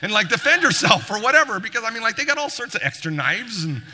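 A man tells a story to a church group, acting out the voices with a sarcastic edge. His voice is bright and forceful and swings widely in pitch. It rings with a long reverb, as in a large hall. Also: sing-song, fast. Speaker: church member telling a story.

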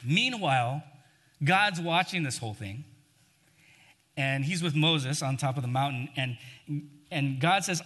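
A man's voice: a little high, expressive, unhurried, pauses often, pushed and bright. A man preaching a sermon in a conversational way, acting out the scripture passages he quotes, recorded in a reverberant hall.

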